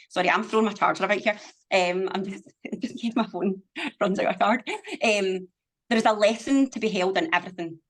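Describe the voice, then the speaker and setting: Emphatic, swearing woman. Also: medium pitch. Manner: emphatic, motivational, swears freely. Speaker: podcast guest, business owner. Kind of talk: casual conversation.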